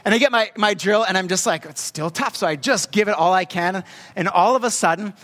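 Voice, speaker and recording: High-voiced pastor in an echoing hall. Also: male voice, a bit bright. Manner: conversational, halting with fillers. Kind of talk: storytelling sermon. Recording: long hall reverb.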